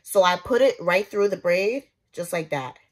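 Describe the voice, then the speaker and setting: A woman's voice: fairly low pitch, expressive, moderate pace. A young woman vlogging casually at home as she does her hair, chatting to her viewers in a slangy, direct way while filming on a propped-up phone. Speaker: beauty vlogger. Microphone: phone propped up nearby.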